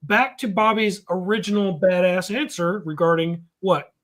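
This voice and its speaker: High-voiced joking man hosting. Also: fairly even intonation. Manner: joking, loud teasing, quick to laugh. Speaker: host. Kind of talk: casual group chat over a card game.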